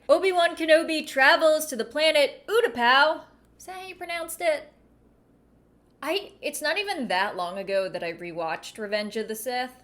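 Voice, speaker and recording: A woman's voice: on the high side, a bit bright. A woman reading a children's book aloud and breaking off for wry, chatty asides. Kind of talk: casual reading with commentary.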